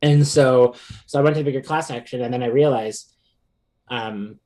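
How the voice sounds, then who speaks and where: This is a man on a podcast as a guest, chatting casually through a personal story. He's animated, often laughing, and full of fillers and restarts, with a mid-range voice at an ordinary speed.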